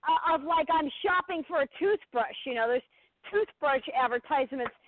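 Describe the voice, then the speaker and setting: High-voiced giggly woman on a phone line. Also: expressive, normal speed. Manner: giggly, tells stories with lots of restarts. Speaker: co-host. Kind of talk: casual radio chat. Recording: tinny phone-line audio with hiss.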